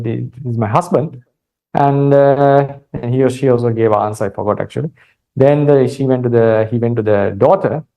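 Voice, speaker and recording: A man with a Sri Lankan accent giving a calm Buddhist dharma talk, retelling a story with many fillers and restarts. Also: mid-range voice, vocal fry, rough recording. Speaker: Buddhist monk teacher.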